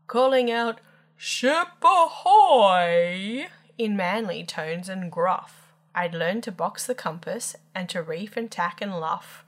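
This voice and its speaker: A woman storyteller reading children's rhyming poems aloud with lilting, playful emphasis. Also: on the low side.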